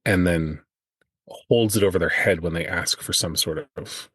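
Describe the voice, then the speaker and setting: A man's voice: deep voice, normal speed, a bit bright, slightly rough. A man co-hosting a podcast, chatting casually and joking. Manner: joking, teasing. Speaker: podcast co-host. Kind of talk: casual chat.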